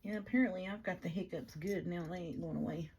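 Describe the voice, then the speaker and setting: Gravelly woman chatting while crafting. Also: on the low side, fast, very noisy. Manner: chatty, folksy, talks to herself and her materials. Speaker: crafting vlogger. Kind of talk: casual crafting chat.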